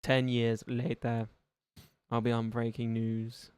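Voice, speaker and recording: A man's voice: mid-range voice, monotone, takes it slowly, a little mellow, smooth, dry recording. A man chatting on a gaming livestream, rambling and joking and laughing often. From Australia. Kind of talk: casual gaming livestream chat.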